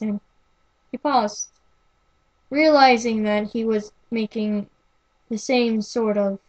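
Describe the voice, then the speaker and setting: Slow stumbling young woman reading aloud. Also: medium pitch, fairly even intonation, a little mellow, dull audio. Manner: slow, stumbling, restarts words often. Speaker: amateur reader. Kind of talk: reading fan fiction aloud.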